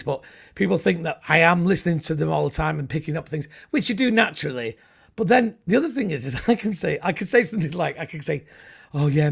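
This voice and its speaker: Gravelly middle-aged man telling jokes. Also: fairly high pitch. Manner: rambling, jokey storytelling with comic voices. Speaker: comedian guest. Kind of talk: casual chat.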